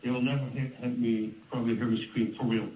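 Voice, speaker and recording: Dutch man, fifties, storytelling guest, lively, heard from a distance in a roomy space, faint ambience. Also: mid-range voice, fast talker, slight background noise. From Netherlands. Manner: animated, laughs often, restarts words. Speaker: interview guest, former fighter. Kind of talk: casual storytelling interview.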